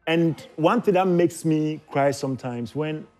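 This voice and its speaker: Ghanaian male guest, a bit high-pitched, emotional and teasing, faint music. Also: measured pace, warm tone. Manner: teasing, emotional, laughs often. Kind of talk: casual chat.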